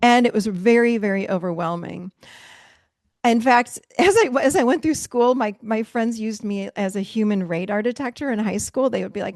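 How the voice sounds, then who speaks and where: Middle-aged woman on a video call, lively storyteller, slightly high voice, dry close sound. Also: quick pace, no room sound. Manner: animated storytelling, acts out quotes with laughs. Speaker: speaker leading a virtual workshop. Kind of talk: casual talk to a group. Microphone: video call mic.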